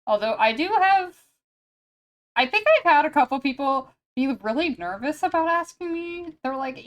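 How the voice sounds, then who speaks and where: A woman's voice: high-pitched, lively intonation. Gushing, chatty woman streamer. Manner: gushing and chatty, quick mock-dramatic asides. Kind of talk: casual live-stream chat while drawing.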